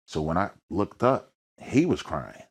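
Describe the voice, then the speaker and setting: A low-voiced man with a Philadelphia accent sits down for an interview about his rap career. He talks in thick slang and tells his stories with energy, acting out the voices and sounds in them. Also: sing-song, measured pace, vocal fry, slightly rough. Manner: slangy, peppered with "you know what I mean". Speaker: rapper, interview guest. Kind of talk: storytelling in a sit-down interview.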